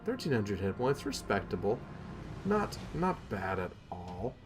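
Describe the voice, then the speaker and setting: A man's voice: lowish voice, very animated, measured pace, music in the background. Rambling man doing gameplay commentary. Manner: rambling, self-deprecating, many ums.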